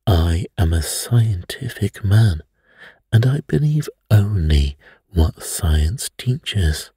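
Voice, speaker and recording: A man's voice: low-pitched, lively intonation, slow, dark tone, breathy edge, no room sound, clean studio sound, heavily acted. A man voicing a blunt, emphatic scientist doctor who dismisses superstition.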